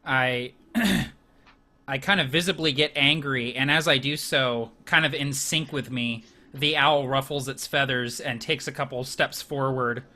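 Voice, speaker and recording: A man at a tabletop game calmly describes what his gnome character does. His voice is bright and clear-edged, and his pitch sits in the middle. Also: measured pace. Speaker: player.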